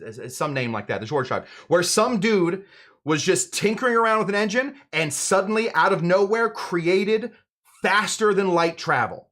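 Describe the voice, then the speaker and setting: A young man hosts a live cocktail show in a loose, casual way. He rambles, goes off on tangents and keeps correcting himself mid-sentence. His voice sits a little on the high side. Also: fairly bright tone. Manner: rambling, self-correcting, digressive. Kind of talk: casual livestream chat.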